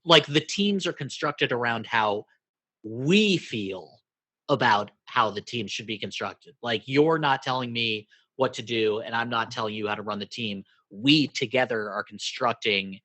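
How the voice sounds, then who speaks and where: Chill guy from brooklyn on a podcast, thinks out loud, dry close mic. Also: medium pitch, a little slow, no echo. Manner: musing, laid-back, thinks out loud with many fillers. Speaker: podcast co-host. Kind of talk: casual sports chat.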